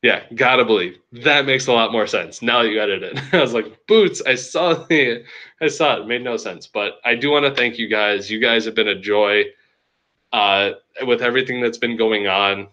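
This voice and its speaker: Bright-voiced young man talking fantasy sports. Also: on the low side, normal speed, lo-fi sound. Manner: loose, joking, rambling with restarts. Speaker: fantasy sports league host. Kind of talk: casual fantasy sports recap.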